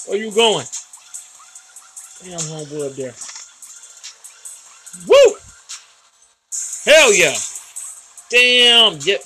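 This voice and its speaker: A man's voice: high-pitched, pushed and bright. A man hosting a gaming channel, giving boastful, hyped let's-play commentary, swearing and calling out to his viewers.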